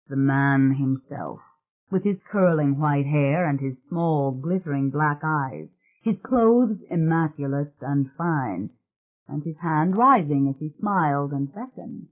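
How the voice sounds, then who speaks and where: A narrator giving a steady, dramatic reading of a suspense audiobook. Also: medium pitch, takes it slowly. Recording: tinny phone-like sound.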